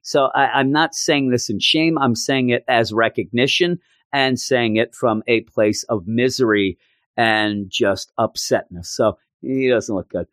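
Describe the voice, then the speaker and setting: A man casually recapping a story in an animated, joking, self-mocking way. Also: medium pitch, measured pace, dry recording, studio quality.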